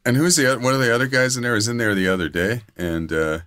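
A middle-aged man co-hosting a podcast, telling crude stories in casual chat, often trailing into low mutters. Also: quick pace, fairly bright tone, slight background noise. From grew up outside California. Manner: profane storyteller, drops to low mutters. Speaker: podcast co-host.

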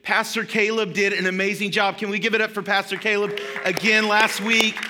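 A man's voice: sits high, fairly quick, crowd noise, noisy background. A man preaching a sermon as pastor in a church sanctuary, telling stories and acting out the voices of the people in them. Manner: storytelling, animated retelling with quoted voices.

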